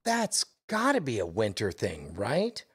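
Male podcast co-host; halting, stammering delivery, unhurried and animated. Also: on the low side, husky. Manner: halting, stammering, quick to laugh. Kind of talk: casual comedy podcast.

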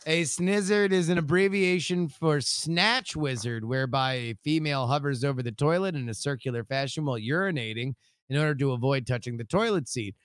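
Male podcast co-host; wry, emphatic, slightly higher voice. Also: fairly quick, clear, resonant tone, no echo, studio quality. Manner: wry, emphatic, repeats himself when excited. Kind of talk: casual comedy podcast.

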